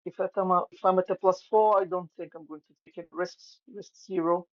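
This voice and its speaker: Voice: mid-range voice, fairly even intonation, fairly quick, muffled recording. A player in a tabletop game over voice chat, asking questions in a hesitant way with many likes.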